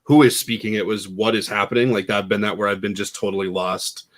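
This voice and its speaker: Male co-host, slightly low, loose and rambling in casual talk. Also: level tone, a little fast. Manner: rambling, heavy on "you know" and "like". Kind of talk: casual panel chat.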